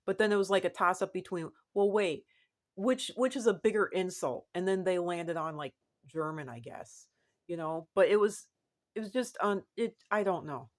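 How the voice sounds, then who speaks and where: A woman vlogger talking casually to the camera, rambling and repeating herself, with sudden animated rises in her voice. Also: on the low side, normal speed. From United States.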